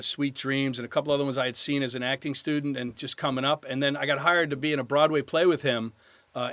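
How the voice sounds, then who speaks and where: A man in his fifties from New York, an actor guest telling animated stories in a casual podcast interview. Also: mid-range voice, no room sound. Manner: animated anecdotes, slips into quoted voices.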